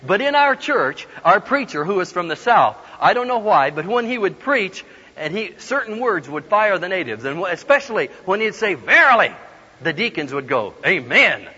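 A man giving a humorous storytelling sermon, animated and laughing often as he acts out the voices in his stories. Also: high-pitched, moderate pace, breathy edge. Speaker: guest preacher. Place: large hall with an audience. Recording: dull lo-fi sound with long hall reverb.

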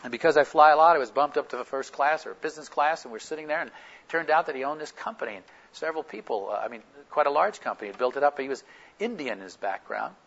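Husky, animated male preacher. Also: a little high, fast, dull audio. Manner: animated anecdotal storytelling with lively quoted dialogue. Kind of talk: sermon storytelling.

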